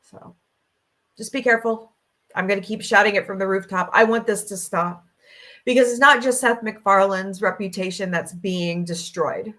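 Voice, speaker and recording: A woman's voice: medium pitch, a bit bright. Emotional woman venting on a livestream. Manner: emotional, venting, tearful at times. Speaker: podcast host. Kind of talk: casual livestream chat. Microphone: laptop microphone.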